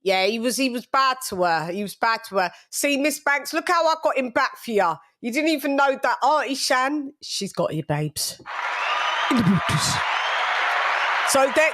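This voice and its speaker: A woman's voice: sits high, lively intonation, moderate pace, few pauses, a bit bright. A woman hosting a boxing podcast in casual, gossipy and blunt chat. She laughs often and repeats words as she talks.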